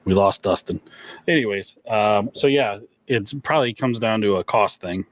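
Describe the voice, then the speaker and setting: A man's voice: fairly low pitch, normal speed, dry recording. A man hosting a gun shop livestream, reading viewer questions in a laid-back, chuckling way with lots of fillers.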